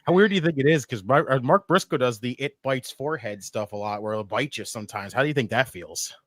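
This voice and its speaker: A man co-hosting a casual podcast watch party, joking loudly and crudely and slipping into put-on voices. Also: mid-range voice, expressive, fast, no echo, clean studio sound. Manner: loud, joking, crude, puts on voices for bits. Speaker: podcast co-host.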